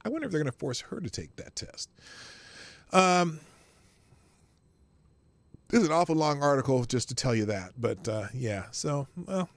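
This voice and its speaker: A man's voice: fairly high pitch, lively intonation, moderate pace, pauses often, no room sound. A man hosting his own show, reading news articles aloud and breaking off with sarcastic asides, sometimes stumbling over words and laughing at himself. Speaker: podcast host.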